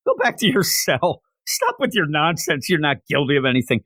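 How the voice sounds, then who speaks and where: A man's voice: a little high, huge pitch swings, moderate pace, a bit bright, breathy edge, no room sound, studio quality, heavily acted. A man voicing an exasperated young man scolding a prisoner, his voice raised and incredulous.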